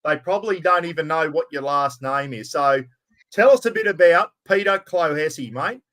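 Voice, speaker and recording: With a fairly bright, slightly high voice at a moderate pace, this Australian man hosts a laid-back podcast chat. He's chatty and blokey, addressing everyone as mate.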